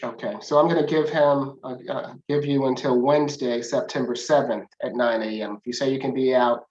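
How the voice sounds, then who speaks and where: A man acting as judge at a court hearing, speaking in a measured, procedural way with fillers. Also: mid-range voice, fairly even intonation, darkish tone, muffled recording.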